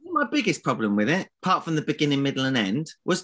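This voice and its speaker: A man's voice: fairly high pitch, wildly swooping pitch, fast, fairly bright tone. A man co-hosting a podcast, bantering casually with a playful, teasing manner. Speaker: podcast co-host.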